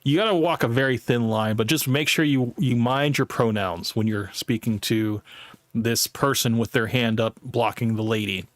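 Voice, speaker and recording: Male live stream host, mid-pitched and dry, rambling, blunt, self-deprecating jokes. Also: normal speed, no room sound. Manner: rambling, with many fillers and restarts. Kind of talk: casual live commentary.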